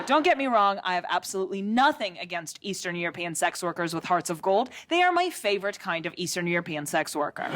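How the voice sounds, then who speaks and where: A woman's voice: medium pitch, a little hiss or hum. A woman from Russia performing a sarcastic stand-up set on a theatre stage, acting out quotes as she goes. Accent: American-learned English. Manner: lively, sarcastic, acts out quotes. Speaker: stand-up comedian. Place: theatre stage before a laughing audience. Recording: audience laughter clearly audible.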